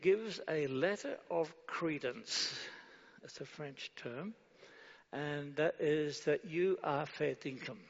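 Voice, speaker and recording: A man's voice: a little high, gravelly. A man preaching a sermon, asking rhetorical questions and leading the congregation through a prayer. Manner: rhetorical questions answered with a firm no; leads the congregation in reading prayer aloud. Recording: dull sound with long hall reverb.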